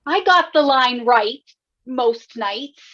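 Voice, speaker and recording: A woman's voice: high voice, animated, slow pace, a bit bright, dull audio, exaggerated voice. A woman playing a defensive, impatient stage actress who keeps forgetting her lines. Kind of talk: community theater stage play.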